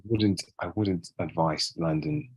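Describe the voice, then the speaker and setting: A man's voice: deep voice, slow pace, slightly rough, no room sound. A man from Africa, a guest answering interview questions casually, often tagging his sentences with a question. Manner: relaxed, often ends phrases with a tag question.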